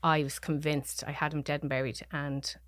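A woman with a Dublin Irish accent, a podcast guest telling a personal story, soft-spoken and often dropping to near whispers. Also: low voice, little pitch movement, moderate pace, no echo, studio quality. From Ireland.

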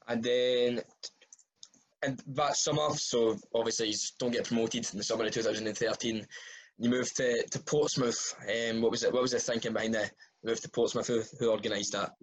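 An interviewer in casual conversation, keeping his questions short and easy. His voice is mid-pitched with a slightly husky grain. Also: steady tone, fairly quick, low-quality recording. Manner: brief prompting questions, laughs along.

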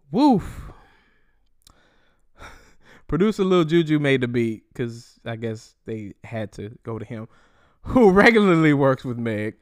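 A young man hosting a solo podcast, ranting in a profane, animated way and mocking people in quoted voices. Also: mid-range voice. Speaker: podcast host.

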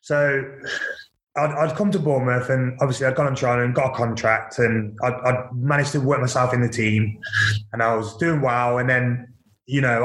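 A man recounts his playing days in a relaxed, open way. He restarts sentences often and leans on fillers. His voice bounces around an echoey room. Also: mid-range voice. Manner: candid, repeats words, many fillers. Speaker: former professional footballer, guest. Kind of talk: casual interview storytelling.

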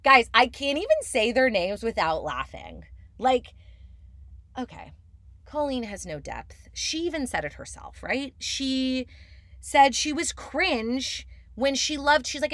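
Chatty woman podcaster, lively dry voice. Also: measured pace, no echo. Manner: chatty and animated, swinging high for emphasis, frequent "like" fillers. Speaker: podcast host. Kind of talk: casual reality-TV recap podcast.

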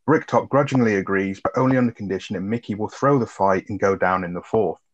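A man's voice: lowish voice, fast talker. A man co-hosting a casual film review, bantering and swearing freely as he recaps scenes. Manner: swears freely, bantering, quotes lines with a laugh. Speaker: podcast co-host. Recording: muffled lo-fi sound.

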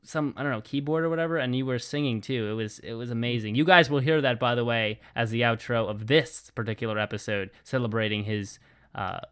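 A man's voice: medium pitch, a little fast, a bit bright, clear, resonant tone. A man co-hosting a podcast in a laid-back, rambling way, often laughing. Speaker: podcast co-host. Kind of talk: casual podcast chat.

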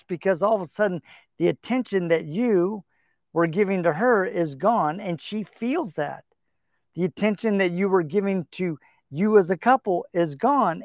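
A man's voice: on the high side, no room sound, clean studio sound. A middle-aged man hosting a relationship advice talk, telling stories earnestly and acting out the dialogue. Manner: earnest storytelling, acts out quoted dialogue. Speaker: podcast host.

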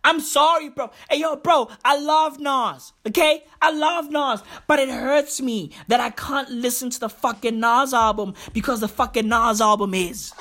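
A woman's voice: sits high, moderate pace, few pauses, fairly bright tone. A woman ranting through music commentary, profane and repetitive, calling everyone bro.

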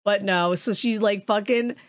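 A woman's voice: medium pitch, a little slow, no echo, studio quality. A young woman recapping a movie in casual chat, swearing freely and acting out the characters' lines. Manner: profane, filler-heavy storytelling with animated quoted voices.

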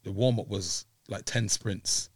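A man's voice: on the low side, unhurried, no echo, clean studio sound. A young man, chatting casually as a guest and telling stories in laid-back slang. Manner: laughing, animated storytelling with street slang. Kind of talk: casual chat.

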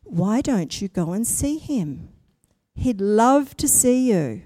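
A kind wooden puppet girl who speaks calmly and gently encourages, as a woman reading a storybook puts her on. The reading is slow and close, with a dry sound. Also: medium pitch, no echo. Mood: encouraging.

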